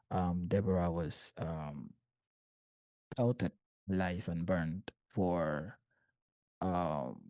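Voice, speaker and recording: A man, a poet giving a bookstore reading and reciting in measured, deliberate short phrases. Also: deep voice, dark tone, no room sound. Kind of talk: poetry reading with spoken asides.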